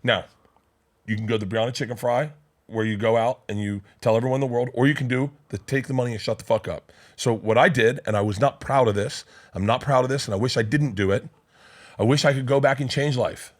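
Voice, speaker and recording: A man in his fifties telling a rowdy, profane story in a podcast chat, acting out the people in it. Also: medium pitch. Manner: rapid, profane, acts out voices in his stories. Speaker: podcast guest comedian.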